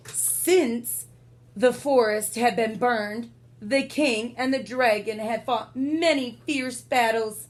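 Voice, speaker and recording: A woman's voice: fairly high pitch, takes it slowly, slight background noise. A woman reading a picture book aloud, with sound effects and little asides to her listeners. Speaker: storyteller.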